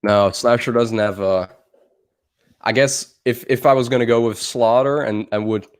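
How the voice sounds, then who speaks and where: This young Dutch livestream co-host, from the Netherlands, has a medium-pitched, clean voice with a steady tone and moderate pace. He chats loosely, rambling, laughing, and swearing.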